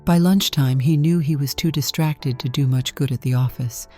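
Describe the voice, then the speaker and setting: A woman narrating a story in a calm, measured way from a script. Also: sits low. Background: faint music.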